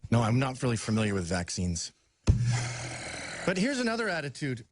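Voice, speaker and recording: A man on a talk show answering calmly and with dry remarks. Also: medium pitch, moderate pace, over music. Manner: calm, reasoning, dry remarks. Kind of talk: casual talk-show chat.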